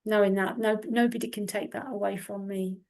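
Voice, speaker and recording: A woman's voice: mid-range voice, steady tone, brisk, darkish tone. A woman co-hosting a conversational interview, thoughtful, searching for words and repeating herself as she goes.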